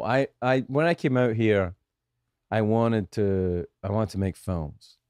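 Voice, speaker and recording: A middle-aged Scottish comedian, guesting on a podcast, tells stories in casual chat, animated and profane, often restarting his sentences. His voice is on the low side, recorded at studio quality with no room sound.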